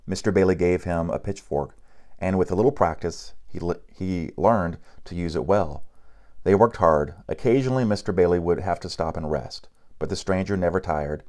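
In a low voice, a man narrates a picture book, reading it aloud without rushing. A handful of stumbles and restarts break up his otherwise steady pace.

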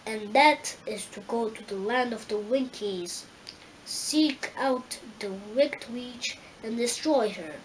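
A woman's voice: fairly high pitch, slow, slight background noise, low-quality recording. A woman voicing a timid, cowardly male lion in a storybook reading, pleading in a raised voice.

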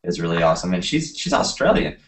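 A man's voice: low voice, quick pace. A young man from Nashville, a band member being interviewed, chatting casually with lots of fillers. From Nashville, USA. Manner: relaxed, hesitant with many fillers.

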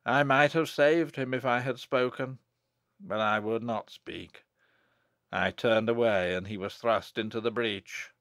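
Guy narrating an audiobook, calm and grave, dry close sound. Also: on the low side, dry recording. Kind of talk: scripted narration.

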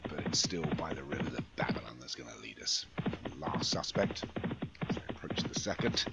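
A man calls a simulated horse race in a relaxed, joking manner and keeps correcting himself as he goes. His voice sits very low, and the lo-fi recording sounds muffled under loud music. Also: vocal fry. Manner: chatty, jokey, self-correcting. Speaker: race commentator. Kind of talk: amateur horse racing commentary over a game.

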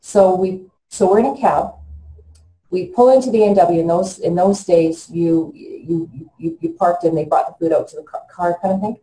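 A woman in her fifties speaks as an interview guest, slightly low in pitch and warm in tone. She talks in an earnest, halting way and often restarts her sentences. The room gives her voice a noticeable echo. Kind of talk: personal storytelling in an interview.

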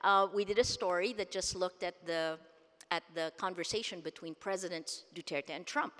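A woman's voice: fairly low pitch, normal speed, a bit bright. A woman from the Philippines giving a conference keynote speech, earnest and emphatic, repeating words for stress. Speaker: keynote speaker. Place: large conference hall. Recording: long reverb of a large hall.

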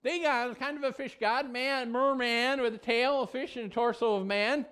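A male pastor teaching a Bible lesson in a vlog, telling the story in an animated, conversational way. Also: extremely high pitch, moderate pace, clean tone.

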